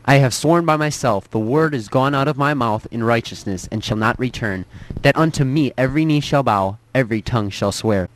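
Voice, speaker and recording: A man reading scripture aloud in a slow, solemn, measured way. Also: mid-range voice, low-quality recording. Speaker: scripture reader.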